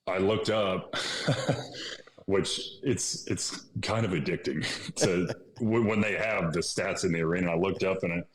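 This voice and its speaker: Deep-voiced man telling a story. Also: a little slow. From Illinois, USA. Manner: animated, acts out dialogue, laughs often. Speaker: podcast guest. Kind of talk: casual interview storytelling. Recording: echoey room.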